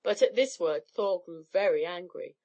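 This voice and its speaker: A woman narrating an old myth as an audiobook, in an expressive storybook style. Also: on the low side, normal speed.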